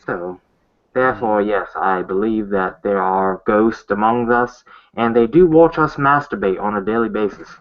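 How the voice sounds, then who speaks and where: A man on a group video call, crude and deadpan, swearing freely. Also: lowish voice, normal speed, highs cut off. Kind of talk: casual group video chat.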